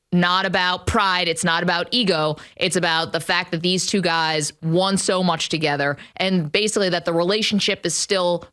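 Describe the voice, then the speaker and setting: A woman's voice: on the low side, a bit bright. Opinionated woman co-hosting sports talk. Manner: opinionated, emphatic, laughs often. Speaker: sports talk show co-host. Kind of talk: casual sports debate. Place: studio.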